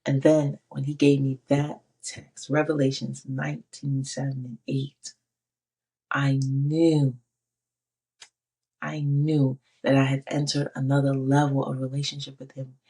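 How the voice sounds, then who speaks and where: A woman's voice: a bass voice, flat delivery, a little slow, warm tone, husky. A middle-aged woman giving a personal faith testimony, emphatic and repeating her phrases. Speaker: faith speaker.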